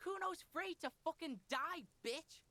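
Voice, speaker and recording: A woman's voice: very high-pitched, expressive, a little slow, sharp tone, dry recording, full character voice. A woman voicing a defiant, foul-mouthed street boy who talks about himself in the third person in a video game. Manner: brash, swearing, speaks of self in third person.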